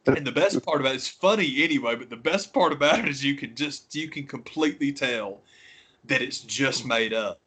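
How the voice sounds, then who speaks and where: A man's voice: brisk, breathy edge. A man co-hosting a podcast, talking casually and animatedly, swearing freely and sometimes mimicking people. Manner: animated, swears freely, mimics others in high squawky voices. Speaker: podcast co-host. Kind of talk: casual chat.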